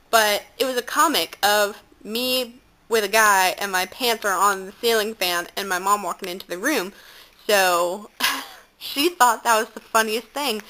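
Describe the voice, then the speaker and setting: A woman's voice: medium pitch, sharp tone, low-quality recording. A teenage girl chatting to a handheld camera held close up at home, telling giggly anecdotes. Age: late teens. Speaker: vlogger. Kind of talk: casual chat.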